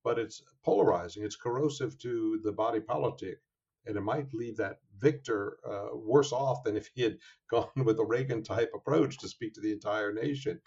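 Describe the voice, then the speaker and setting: A man being interviewed as an author, talking in a measured, thoughtful way with frequent fillers and restarts. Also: on the low side, creaky, darkish tone, husky. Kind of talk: interview conversation. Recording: dull lo-fi sound.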